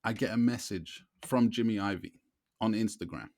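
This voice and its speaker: A man, co-hosting a podcast and telling a long story in a lively way, often asking "you know what I mean". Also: on the low side, normal speed, no echo, clean studio sound. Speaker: podcast co-host. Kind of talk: casual storytelling chat.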